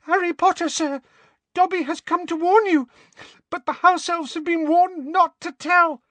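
A man reading an audiobook voices a tiny, terrified male house elf with a squeaky, shrill voice and a frantic, servile manner. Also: steady tone, a little slow, fairly bright tone, no room sound.

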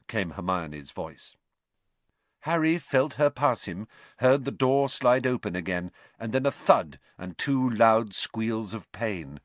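A man narrating an audiobook in a measured, expressive way. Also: on the low side, dry recording.

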